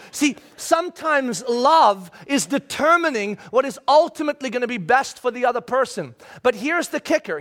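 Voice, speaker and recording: A middle-aged man preaching a sermon, animated, swinging from soft asides to loud shouted quotes. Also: very high-pitched. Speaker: pastor.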